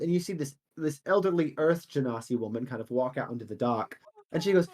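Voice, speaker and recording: A man's voice: mid-range voice, a little fast, a little mellow. A man narrating a tabletop game as game master, loose and chatty with many fillers.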